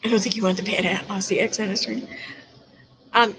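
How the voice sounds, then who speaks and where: A woman's voice: mid-range voice, fairly even intonation, a little fast, a bit bright, slight background noise, low-quality recording. A woman hosting a livestream, chatting casually with callers and laughing often. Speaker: livestream host.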